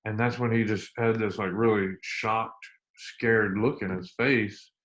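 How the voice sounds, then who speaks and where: Speaking with fairly even intonation and a fairly bright tone, a low-voiced U.S. army veteran tells candid stories as an interview guest. He is earnest throughout, often repeating himself and slowing down for emphasis at emotional points.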